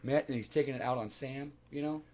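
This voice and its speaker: A man's voice: medium pitch, fast, darkish tone. Earnest man preaching kindness. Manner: earnest and preachy, acts out quotes. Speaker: co-host. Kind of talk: casual chat.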